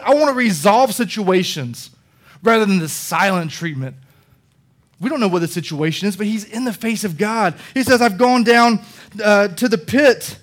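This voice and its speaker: A pastor with a high-pitched voice and moderate pace preaches from the pulpit. He explains scripture conversationally, then swells into loud, animated passion to drive his points home.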